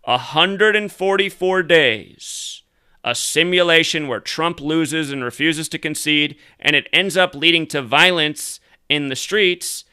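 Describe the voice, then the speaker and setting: A man's voice: fairly high pitch, measured pace, pushed and bright, smooth. A man hosting a solo commentary show, ranting angrily and swearing often. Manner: angry, profane, emphatic ranting. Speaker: conspiracy commentary host.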